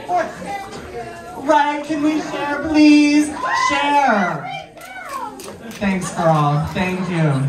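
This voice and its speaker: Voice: medium pitch, distant mic. A queer performer doing a stand-up comedy set before a live audience, playful and chatty, riffing with the crowd. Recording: roomy live venue, mic from afar, crowd noise. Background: audience laughing and clapping.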